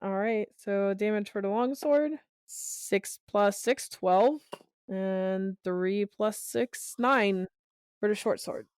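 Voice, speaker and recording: A tired woman playing a tabletop game speaks very slowly and works through her dice sums aloud. Her pitch sits in the middle, and she sounds unhurried the whole way through. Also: clear, resonant tone, dry recording, clean studio sound. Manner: unhurried, tallies dice out loud. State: tired, yawning. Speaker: player. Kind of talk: tabletop game play, casual chat.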